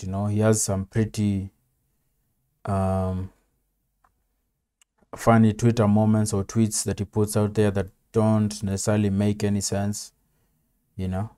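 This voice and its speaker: A man's voice: lowish voice, dark tone. A man hosting a reaction video, talking in a laid-back, rambling way with plenty of fillers. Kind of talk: casual reaction commentary.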